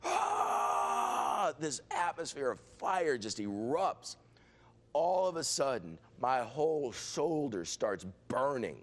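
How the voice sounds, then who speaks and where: Excitable man telling a testimony. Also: mid-range voice, slow pace. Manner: excitable, restarts often, acts out quoted voices. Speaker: pastor, interview guest. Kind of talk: animated storytelling testimony.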